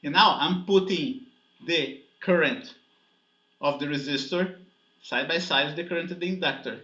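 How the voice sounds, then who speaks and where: A man with a slightly high voice and a sharp tone lectures on physics at a moderate pace. Step by step he explains the material, regularly asking "okay?" and "right?" The classroom audio is echoey and dull.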